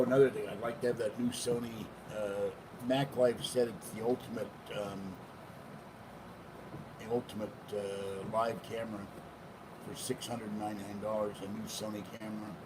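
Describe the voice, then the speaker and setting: A man's voice: lowish voice, fairly even intonation, moderate pace, far from the mic. Older man rambling at home. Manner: meandering, chatty, talks to his cats. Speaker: vlogger. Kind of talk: rambling casual vlog. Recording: noisy home recording.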